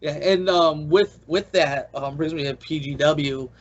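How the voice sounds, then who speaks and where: A podcast host with a higher-pitched voice speaks unhurriedly in a casual interview, eager and filler-heavy, laughing along as he recalls stories. The recording has a dull, lo-fi podcast sound.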